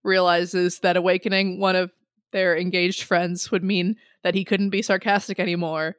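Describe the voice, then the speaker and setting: A woman's voice: lowish voice, flat delivery, moderate pace, no room sound, clean studio sound. A young adult woman co-hosting a podcast, reading listener submissions in a chatty, giggly way with many ums. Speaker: podcast co-host.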